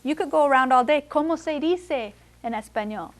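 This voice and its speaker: High-voiced woman teaching a Spanish class. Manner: mixes English and Spanish, repeats phrases slowly for learners. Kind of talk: classroom language lesson.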